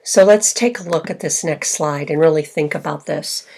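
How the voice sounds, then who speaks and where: A woman literacy consultant giving a recorded teaching presentation, speaking clearly and slowly stretching out example words for listeners. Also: deep voice, darkish tone. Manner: clear instructional delivery, slow modeled words.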